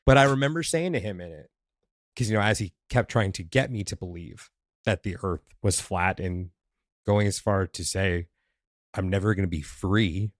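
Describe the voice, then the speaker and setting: A man with a low voice hosts a conversational podcast. He speaks candidly, often pausing to find his words, and slips into playful asides. The sound is dry and close. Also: no room sound. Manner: candid, thinks aloud with restarts and playful asides. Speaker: podcast host, past life regressionist. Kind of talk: casual conversation.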